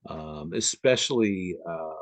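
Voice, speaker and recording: A man's voice: sits low, animated, takes it slowly, no room sound. A man from the Upper Midwest chatting as a guest on a video call, rambling with lots of fillers and restarts. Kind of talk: casual conversation on a video call.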